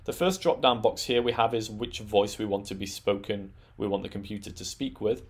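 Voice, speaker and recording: A man presenting a tech tutorial, talking through settings in a relaxed, explanatory way with frequent "um" and "uh". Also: fairly low pitch, brisk. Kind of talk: screen-recorded software walkthrough.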